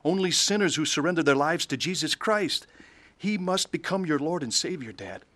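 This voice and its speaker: A man's voice: on the high side, expressive, normal speed, a bit bright, dry recording. A man narrating his own faith testimony in an earnest, pleading way and acting out the scenes. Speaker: narrator of his conversion story.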